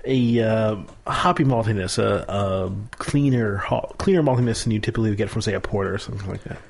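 A man co-hosting a casual beer tasting podcast, hesitant and searching for words, quick to laugh. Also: fairly low pitch, gravelly. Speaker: podcast co-host.

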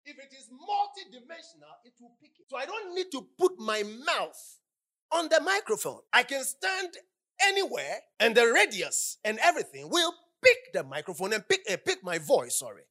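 A woman preaching a sermon in a church into a handheld microphone, shouting some lines and dropping to hushed asides, firing repeated questions at the congregation. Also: high voice, wildly swooping pitch, moderate pace. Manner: emphatic, swings from loud shouts to hushed asides. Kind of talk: sermon with congregation call-and-response. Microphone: handheld microphone held at the lips.

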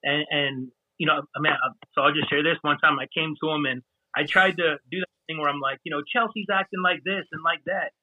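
A man's voice: on the high side, steady tone, brisk, phone-quality sound, background noise. A man talking earnestly as a podcast guest, often repeating words as he starts a thought. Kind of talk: casual podcast conversation.

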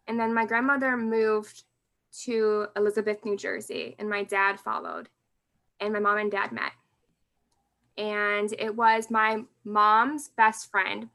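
明るい声の女性ゲスト、亡き父の思い出を語る. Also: female voice, medium pitch, sharp tone. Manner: emotional, candid, laughs while telling hard memories. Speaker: guest. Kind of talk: personal storytelling in podcast interview.

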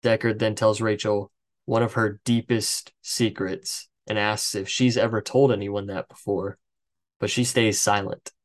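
A man hosting a podcast, recapping a film plot from his notes in a casual, chatty way, with swearing and joking asides. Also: fairly low pitch. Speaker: podcast host. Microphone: headset.

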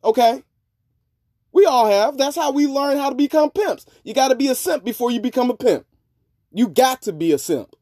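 A man's voice: expressive, moderate pace, no room sound. Podcast guy ranting and cussing, voice jumps all over, dry close mic. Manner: profane, rambling, swings between low mutters and loud outbursts. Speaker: podcast host. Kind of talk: casual monologue.

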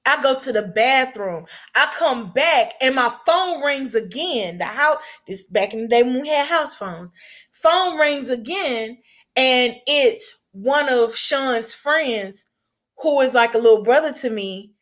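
Slow-spoken woman telling a story. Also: high voice, lively intonation. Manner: unhurried and candid, with hushed pauses and sudden raised outbursts. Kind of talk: personal storytelling.

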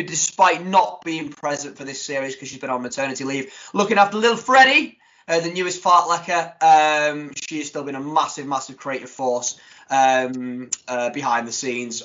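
A man co-hosting a podcast in casual chat, jokey and animated. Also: fairly quick. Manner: animated and jokey, with big swings in pitch. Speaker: podcast co-host. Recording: dull lo-fi podcast audio.

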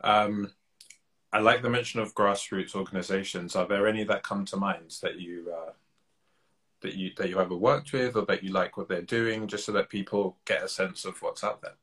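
A British man hosts a podcast interview in a very deep, husky voice. He asks questions in a friendly way and gives listeners shout-outs. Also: steady tone, normal speed. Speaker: podcast host. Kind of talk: conversational interview.

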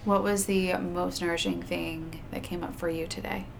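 A woman's voice: on the low side, level tone, moderate pace, gravelly. A woman co-hosting a casual interview, asking encouraging questions and affirming often. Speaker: podcast co-host. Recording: faint background noise.

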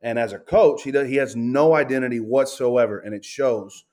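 A man ranting on a casual sports podcast, swearing and tripping over his words, saying he is high. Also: moderate pace, a little mellow. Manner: profane, ranting, stumbles and repeats words. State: says he is high. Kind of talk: heated casual sports talk.

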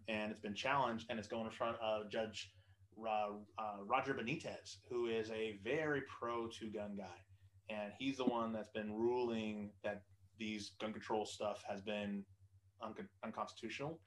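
A man's voice: fairly low pitch, bright, forceful tone, poor audio. A man hosting a casual podcast chat, rambling and profane, with lots of ums and restarts. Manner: rambling, profane, with many fillers. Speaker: podcast host.

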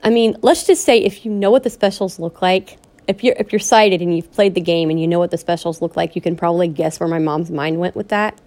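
A woman's voice: lowish voice, fairly even intonation, a little mellow. Upset, pleading woman vlogger. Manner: pleading, repetitive and upset, with halting restarts. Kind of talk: emotional personal vlog rant.

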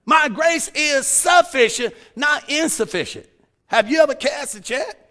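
A male pastor preaching a sermon, building to shouts and sung, chanted phrases. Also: very high voice, lively intonation, unhurried.

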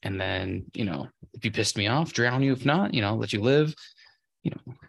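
A man's voice: fairly low pitch, lively intonation, normal speed, vocal fry, husky, dry recording. A young man co-hosting a podcast, joking and teasing his friend with casual, profane banter. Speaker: podcast co-host.

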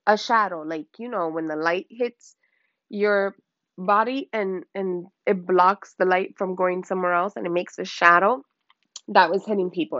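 Female podcast host, slow and gravelly, excitable and rambling in casual Bible talk, dry close sound. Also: mid-range voice, no echo. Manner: excitable and rambling, with many exclamations. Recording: slightly muffled lo-fi recording.

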